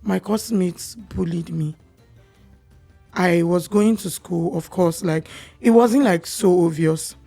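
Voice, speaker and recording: A young Nigerian woman, a podcast guest, telling her personal story in a candid, animated way. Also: fairly low pitch, takes it slowly, creaky, soft background music.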